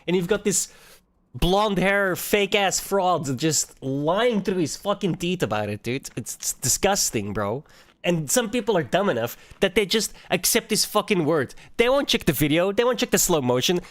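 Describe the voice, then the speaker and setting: A man's voice: sits high, fairly bright tone. A man hosting a livestream, giving heated, profane reaction commentary with bursts of laughter. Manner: angry, profane ranting with laughs. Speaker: livestream host reacting to clips.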